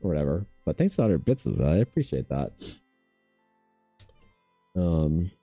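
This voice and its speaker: A young man chatting casually while drawing on his art stream, telling stories in a rambling, animated way full of fillers. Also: deep voice, normal speed, dry recording, soft background music. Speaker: artist hosting a drawing stream.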